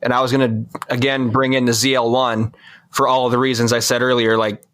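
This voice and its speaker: A man's voice: mid-range voice, flat delivery, a little fast, fairly bright tone, no room sound, clean studio sound. A man co-hosting a casual car podcast, chiming in with wry asides. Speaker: podcast co-host.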